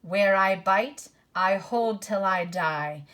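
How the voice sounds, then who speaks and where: A woman voicing a hungry, menacing werewolf in a dull, flat, slow delivery. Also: mid-range voice.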